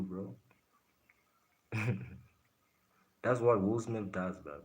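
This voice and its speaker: A man's voice: lowish voice, drawn-out words, pauses often, noisy background. A man from South Africa hosting a live stream, casually answering his chat in a blunt way and laughing often.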